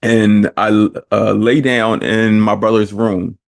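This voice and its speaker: Low-voiced thoughtful male podcast host. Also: little pitch movement, takes it slowly, creaky. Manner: thoughtful, with frequent restarts. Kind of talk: casual conversation.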